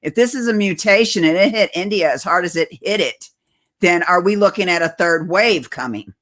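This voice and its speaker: A woman's voice: fairly low pitch, animated, moderate pace, a bit bright. A woman host talking casually to her viewers in a rambling, chatty way, often laughing. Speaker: channel host.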